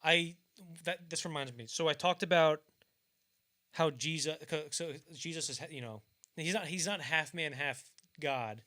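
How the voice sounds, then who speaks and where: Rambling, bright-voiced young man. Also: fairly high pitch, unhurried. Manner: rambling, filler-heavy, acts out bits of scenes in mock voices. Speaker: podcast co-host. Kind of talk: casual film discussion.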